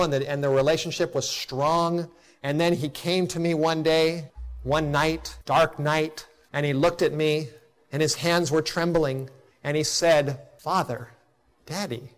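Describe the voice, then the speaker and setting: Earnest preacher man telling a story. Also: a little high. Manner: earnest storyteller, dropping to a hush for tender moments. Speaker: pastor. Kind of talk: sermon with personal storytelling.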